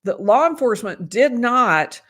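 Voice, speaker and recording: A woman's voice: on the high side, expressive, measured pace, a bit bright. A woman lawyer giving conversational live commentary on a court case, losing her voice and often restarting her sentences. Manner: conversational, restarts and emphatic asides.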